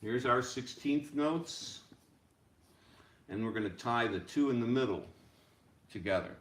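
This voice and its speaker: A man teaching a rhythm lesson as a music teacher, chanting rhythm syllables over and over in a steady beat. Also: mid-range voice, unhurried, a little hiss or hum. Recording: echoey room.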